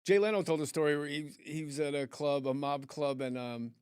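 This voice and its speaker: A man's voice: a little high, fairly even intonation, fairly quick, darkish tone, clear, resonant tone, dry recording. A man hosting a podcast, chatting casually and telling stories while doing voices for the people in them. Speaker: podcast host and comedian.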